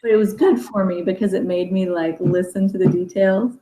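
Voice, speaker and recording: A woman's voice: medium pitch, fairly even intonation, fairly quick, dark tone. A woman hosting a casual livestream book chat, talking loosely with fillers, restarts and frequent laughs. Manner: chatty, laughs often, many fillers and restarts. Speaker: book discussion host. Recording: echoey room with faint ambient noise.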